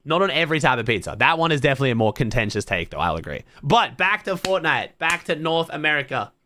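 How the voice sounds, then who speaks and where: A man's voice: fairly high pitch, very animated, quick pace, bright, forceful tone, dry recording. An Australian man streaming to his chat, thinking aloud in blunt, casual talk full of swearing. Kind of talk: casual livestream chat to viewers.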